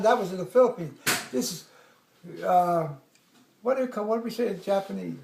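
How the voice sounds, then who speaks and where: High-voiced old man telling war stories. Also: a little fast, gravelly, pauses often, reverberant, slight background noise. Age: 80s. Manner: rambling, animated, laughs often, acts out quoted voices. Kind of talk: casual storytelling at home.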